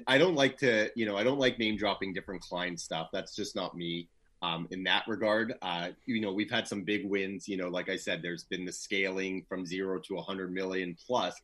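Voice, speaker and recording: A man with a husky, slightly breathy voice, chatting as a guest in a relaxed interview. He talks loosely with plenty of fillers and grows more animated as his stories build. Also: deep voice, normal speed. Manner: laid-back, animated when telling stories, many "you know" fillers. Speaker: guest, PR professional. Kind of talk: casual interview storytelling.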